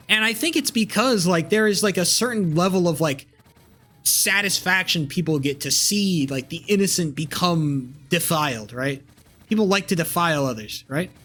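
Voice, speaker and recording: A man's voice: sits high, animated, moderate pace, bright, forceful tone. A young man streaming live, rambling casually with crude language and lots of fillers and restarts.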